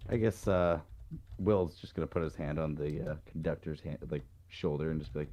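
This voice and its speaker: A man's voice: extremely low pitch, fairly quick, dark tone. A man playing a tabletop game over voice chat, casually talking in character. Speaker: player.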